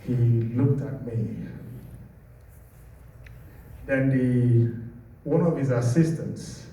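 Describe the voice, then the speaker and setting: A man from Nigeria speaking with a Nigerian accent, somewhere in his late fifties, recounting his own story. His voice is very dark and mellow, and he takes his time, letting each phrase land slowly. He sounds set back from the mic in a very roomy space with a faint hiss. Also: mid-range voice. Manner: measured, deliberate storytelling. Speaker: speaker giving a personal testimony. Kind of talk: storytelling testimony. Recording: echoey room, distant mic.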